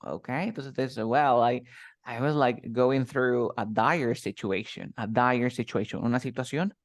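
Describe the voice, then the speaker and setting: Switching back and forth between Spanish and English, a male teacher walks through vocabulary and word stress with patience. His medium-pitched delivery is a little slow, captured cleanly in a studio with no echo.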